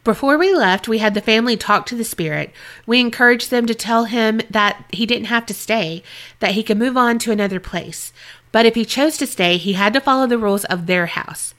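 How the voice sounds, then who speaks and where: A woman co-hosting a podcast, reading a listener's story aloud and then chatting casually, animated and laughing often. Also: on the high side, a little fast. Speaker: podcast co-host.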